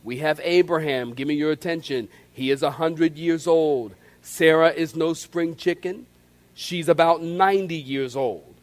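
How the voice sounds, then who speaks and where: A man with a high, light voice preaches a sermon from the pulpit. He is animated and acts out the scenes, and he calls on the congregation to answer back. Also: unhurried. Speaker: pastor.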